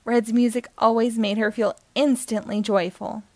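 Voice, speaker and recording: A woman hosting and reading a children's book aloud in a slow, expressive way. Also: a little high, dry recording. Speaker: host and reader.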